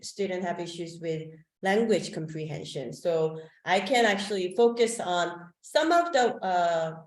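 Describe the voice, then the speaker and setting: A woman teacher whose first language is Korean, talking through a webinar over a call mic. Her voice sits in the middle range, and she talks in a casual, meandering way full of "like" and "um". The sound bounces around a reverberant room. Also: mid-range voice. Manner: chatty, loose delivery with frequent "like" and "um". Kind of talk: online teacher-training talk. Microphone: video call microphone. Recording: echoey room.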